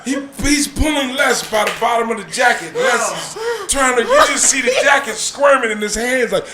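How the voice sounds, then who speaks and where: A man's voice: very high-pitched, moderate pace, echoey room, heavy background noise. A man telling a wild comic story on a podcast, laughing often and acting out the people in it. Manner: loud, laughing, acts out voices in the story. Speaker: podcast host.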